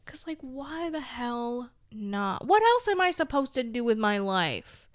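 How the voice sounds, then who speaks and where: Speaking a little slowly with big swings in her fairly high pitch, a young woman vlogs in a casual, confessional way. The studio-quality recording is dry, and she rambles candidly, says "like" constantly, trails off and mocks herself wryly.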